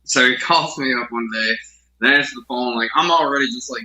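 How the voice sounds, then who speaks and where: A man co-hosting a podcast, telling a story in a casual, expressive way. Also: mid-range voice, a little fast, rough recording. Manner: lively, expressive, swears freely. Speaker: podcast co-host.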